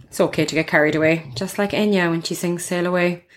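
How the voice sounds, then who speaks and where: A woman's voice: lowish voice, fairly even intonation, fast. A woman co-hosting a podcast in casual chat, playful and jokey. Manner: playful, jokey, breaks into song. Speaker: podcast co-host.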